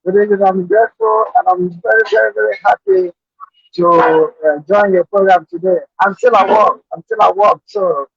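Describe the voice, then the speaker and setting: A man calling in to a talk program from work, speaking in a blunt, hurried way. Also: high voice, very animated, vocal fry, breathy edge, no echo, muffled recording. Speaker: caller. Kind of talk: call-in comment.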